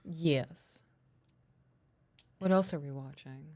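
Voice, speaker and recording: A woman's voice: low voice, slow pace, darkish tone, no room sound. A woman co-hosting a podcast, chatting casually and reading listener emails aloud in a playful, talkative way. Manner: chatty, playful, laughs easily. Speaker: podcast co-host.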